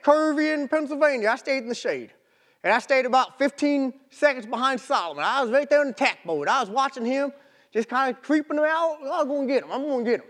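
A young man, a marathon runner, telling a personal story in an animated, folksy way with casual grammar. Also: extremely high pitch. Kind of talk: storytelling talk.

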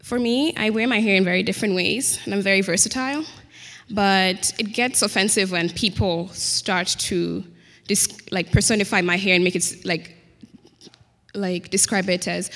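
A young woman from Kenya talks on a student panel in British-style English. Her voice sits at an ordinary middle pitch and she speaks in an expressive, lively way. A long reverb trails after her words, as in a large hall. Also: normal speed. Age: young adult. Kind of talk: panel discussion.

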